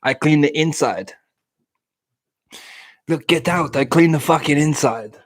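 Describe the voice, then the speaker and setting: A man voicing a pushy male shopkeeper with a Polish accent, delivering loud sales patter. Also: a little high, a little slow, pitched above the performer's own voice. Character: pushy male immigrant shopkeeper and car washer.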